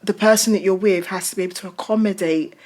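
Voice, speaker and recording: A woman from Britain, a pastor, speaks in a relaxed chat with an emphatic, expressive delivery. Her voice sits in an ordinary middle range for a woman. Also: mid-range voice, quick pace. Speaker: pastor and guest. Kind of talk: casual chat.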